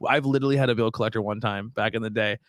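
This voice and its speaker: A man's voice: fairly low pitch, steady tone, very fast, no room sound, clean studio sound. A man hosting a casual podcast with friends. He tells stories with energy, swears freely and acts out the voices of the people he quotes. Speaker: podcast host.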